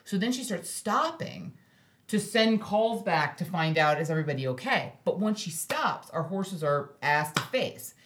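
A woman telling a story as a podcast guest in casual chat, animated and laughing often. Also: medium pitch, a little slow.

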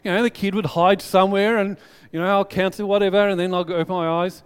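Man preaching a sermon, casual and lively storyteller, fairly high voice, church hall reverb. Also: quick pace, smooth. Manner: chatty and animated, telling stories to the congregation. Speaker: pastor. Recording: long reverb of a large hall.

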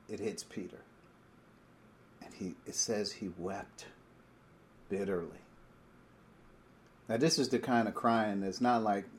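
A middle-aged man delivers a sermon in a relaxed, conversational manner. His voice sits fairly low. He reads scripture passages aloud and stops often to explain them in his own words. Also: a little hiss or hum. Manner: conversational preaching, reading scripture aloud with asides. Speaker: pastor.

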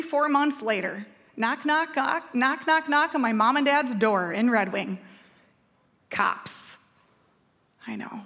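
A woman in her forties from Minnesota, a pastor telling a personal story in a lively, chatty, self-mocking sermon. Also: high-pitched. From Minnesota, USA. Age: 40s. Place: church sanctuary. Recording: long reverb of a church hall.

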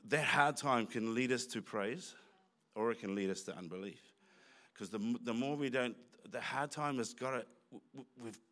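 A man's voice: medium pitch, a bit bright. A man preaching a sermon in church, talking conversationally with asides and restarts. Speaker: pastor.

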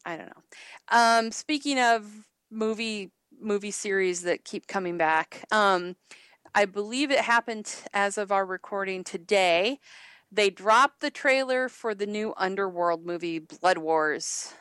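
A woman's voice: medium pitch, unhurried, a bit bright, clear, resonant tone, no room sound, clean studio sound. A woman co-hosting a podcast in casual chat, rambling and laughing often with many restarts. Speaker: podcast co-host.

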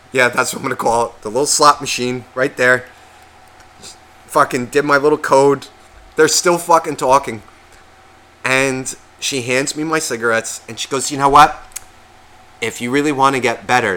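This podcast co-host's voice is mid-range, bright and forceful. He's sick, yet he spins a lengthy, foul-mouthed, self-deprecating yarn in casual chat, performing the lines of the people in it.

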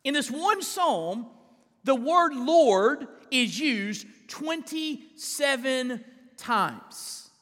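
A male pastor preaching a live sermon in a church, emphatic, with big swings in pitch and drawn-out stressed words. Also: lively intonation, fairly bright tone, in a large hall. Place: large church sanctuary.

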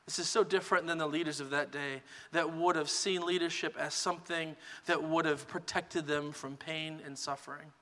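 A man preaching a sermon as pastor, in a relaxed conversational teaching manner. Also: a little high, moderate pace, hardly any pauses, long reverb tail. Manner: relaxed conversational teaching, many "kind of" hedges.

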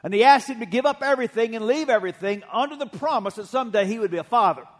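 A middle-aged pastor delivers a sermon in a higher-than-usual male voice. He talks in an easy, conversational way and slips humor into his stories. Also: animated, racing. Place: church sanctuary.

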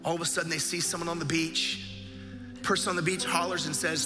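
A man's voice: fairly high pitch, flat delivery, a little fast. A man preaching a sermon as a pastor, telling a story vividly and with emphasis. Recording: echoey hall with faint music.

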